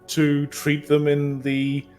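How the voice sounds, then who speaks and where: A man's voice: a little high, completely flat delivery, slow pace, darkish tone, soft background music. A man playing a haughty male noble lord of a great house, speaking formally with hesitant ums. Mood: aloof.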